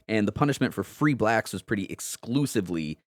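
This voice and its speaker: A man's voice: on the low side, animated, fairly quick, no echo. A man co-hosting a casual history podcast, rambling and swearing and laughing at his own jokes. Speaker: podcast co-host.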